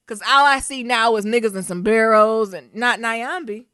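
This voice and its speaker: A young adult woman co-hosting a podcast in casual chat, animated and slangy, often laughing. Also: on the high side, normal speed, clean tone, dry recording, studio quality. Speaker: podcast co-host.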